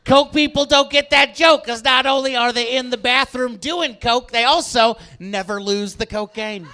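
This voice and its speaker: A male stand-up comedian works a club crowd through a handheld mic with animated energy, jumping between loud bursts and quiet asides. His voice is very high-pitched and bright, with a forceful edge. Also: moderate pace, few pauses.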